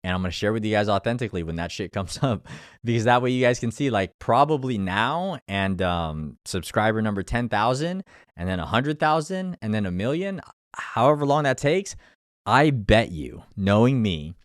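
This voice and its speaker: A man with a lowish voice talks straight to camera in a casual, motivational way, swearing freely and voicing his own inner thoughts. His energy rises to emphatic bursts and drops back to a hush. The sound is close and dry, with no room around it. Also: sing-song, normal speed, dry recording. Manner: energy rises and falls between hushed and emphatic. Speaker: online coach and YouTuber.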